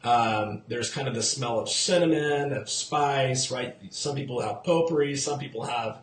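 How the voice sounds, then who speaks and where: A man talks through the local housing market on a live stream, chatty and engaging, pausing to greet viewers and quiz them. His voice sits at an ordinary middle pitch, with a roomy echo around it. He repeats key numbers for emphasis. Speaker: real estate agent hosting a live show. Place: outdoors in the sun.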